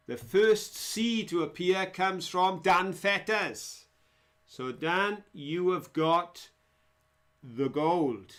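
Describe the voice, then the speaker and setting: A man's voice: fairly high pitch, a bit bright. A man hosting a live online quiz, chatty and jokey as he reads out viewers' answers. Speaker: quiz host.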